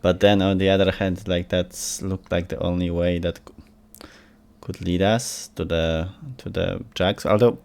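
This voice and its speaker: A man taking his turn in a tabletop game. He talks hesitantly, restarting as he searches for words. His voice is low and gravelly, with a lot of fry. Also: level tone, a little slow, a little mellow. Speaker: player.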